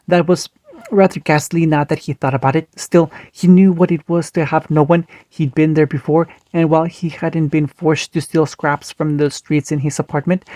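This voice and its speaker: Guy reading fanfic out loud, higher voice, pretty monotone, stumbles now and then. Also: dry recording. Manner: steady reading with small slips and restarts. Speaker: story reader. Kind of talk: reading fan fiction aloud.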